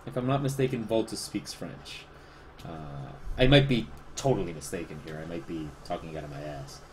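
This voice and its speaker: Spanish accent guy streaming, kinda low voice, rambly and self-deprecating, reads chat out loud. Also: moderate pace, slight background noise. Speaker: livestreaming artist. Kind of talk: casual livestream chat.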